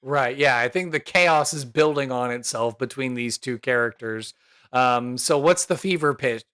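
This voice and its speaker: A man hosting a tabletop role-play podcast narrates his character loosely, rambling with many fillers and chuckles. His mid-range voice moves at normal speed, a bit bright and smooth, in a dry recording.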